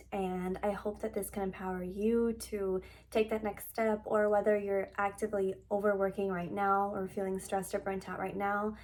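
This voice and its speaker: Young adult woman, casual vlog host, soft and relaxed, heartfelt delivery. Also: medium pitch. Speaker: lifestyle vlogger. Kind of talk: casual vlog talk to camera.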